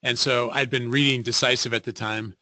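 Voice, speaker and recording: A middle-aged man presenting a webinar in a lively, storytelling way, acting out the voices of people he quotes. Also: mid-range voice, brisk, no room sound. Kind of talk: interactive webinar talk.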